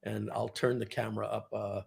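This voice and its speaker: A man, a former car dealership general manager, telling a casual story on a live video, clearing his throat often and drifting into rambling asides. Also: on the low side, level tone, brisk, darkish tone.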